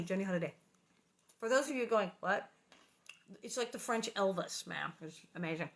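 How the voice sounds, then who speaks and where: A woman's voice: mid-range voice, lively intonation, moderate pace, pauses often. A middle-aged woman hosting a casual livestream from her living room, chatting in a bubbly, rambling way with lots of asides. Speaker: livestream host reading aloud.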